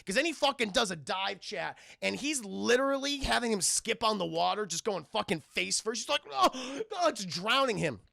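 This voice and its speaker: A man's voice: high-pitched, normal speed, gravelly, few pauses, dry recording, clean studio sound. A man recapping a cartoon episode on a live stream, cursing freely and acting out scenes as he goes. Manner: profane, animated, acts out scenes in voices.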